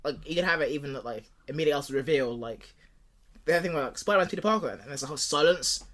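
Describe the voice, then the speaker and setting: A man co-hosting a podcast in casual chat, pitching a movie plot and acting out characters in quick voices, laughing often. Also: a bit bright. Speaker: podcast co-host.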